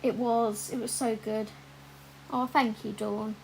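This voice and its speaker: A woman's voice: a little high, little pitch movement, slow, creaky, darkish tone, slight background noise, poor audio. A woman chatting casually while colouring on a livestream, with lots of ums and asides to viewers reading their comments.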